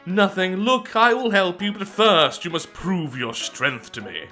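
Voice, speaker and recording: A man's voice: high voice, lively intonation, measured pace, bright, forceful tone, soft background music, voice pushed up, heavily acted. A man voicing a vain, muscle-proud male strongman in an odd put-on foreign accent, pompous and formal. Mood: lecturing.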